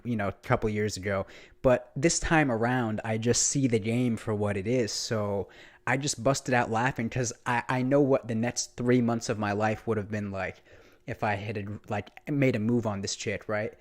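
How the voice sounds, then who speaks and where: A young man vlogging, telling a casual story in a rambling, animated way, full of restarts and swearing. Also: mid-range voice.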